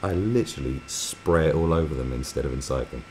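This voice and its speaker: A man's voice: rumbling low, brisk, a little mellow, slight background noise. A man hosting a live stream, reading viewer comments aloud and mocking them in a crude, sarcastic way.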